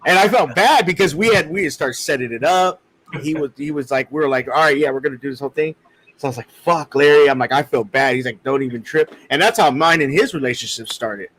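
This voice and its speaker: A man's voice: fairly high pitch, quick pace, fairly bright tone, a little hiss or hum, rough recording. Laid-back male podcast co-host. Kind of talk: casual chat.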